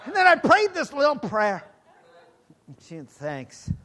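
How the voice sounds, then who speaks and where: A middle-aged man preaching, his voice sitting high for a man. He tells a personal story in sermon style, lively and animated, rising to loud exclamations and dropping to hushed asides. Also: measured pace.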